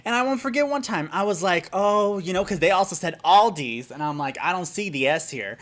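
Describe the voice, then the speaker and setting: A man from Germany, a YouTuber, giving a casual vlog lesson in a chatty, animated way that turns into exasperated pet-peeve ranting. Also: high voice, a little fast.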